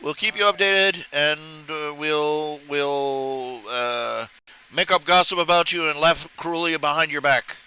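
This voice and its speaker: A man's voice: fairly high pitch, steady tone, unhurried, sharp tone, smooth, poor audio. A man chatting casually on stream while he draws, rambling and stammering through his jokes. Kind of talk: casual chat while drawing.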